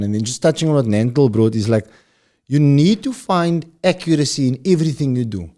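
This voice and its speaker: A man's voice: mid-range voice, dark tone. A man in his thirties with a Cape Town South African accent, hosting a podcast in a rambling, upbeat way that speaks straight to the audience. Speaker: podcast host. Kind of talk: casual chat.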